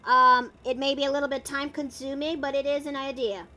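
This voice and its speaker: A woman's voice: high-pitched, flat delivery, a little fast, bright, forceful tone. A woman chatting casually while drawing on her art stream, narrating her steps in a playful way.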